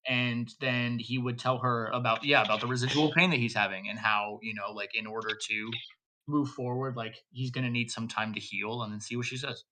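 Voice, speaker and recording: A man's voice: mid-range voice, steady tone, fairly quick, sharp tone, slight background noise. A man playing a tabletop game, describing his character's actions hesitantly with many fillers. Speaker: player.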